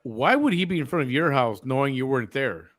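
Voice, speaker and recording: A man's voice: medium pitch, lively intonation, brisk, fairly bright tone. Blunt, confrontational male host. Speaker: host reacting to clips. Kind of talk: casual commentary.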